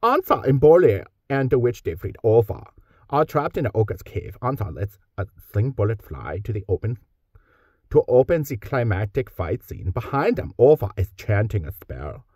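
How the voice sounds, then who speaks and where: A man's voice: lowish voice, very animated, moderate pace, a little mellow, slightly rough, no echo, clean studio sound. A man voicing a male storybook narrator who tells a Viking adventure in a put-on Scandinavian accent, with a theatrical, sing-song read-aloud manner. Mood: dramatic.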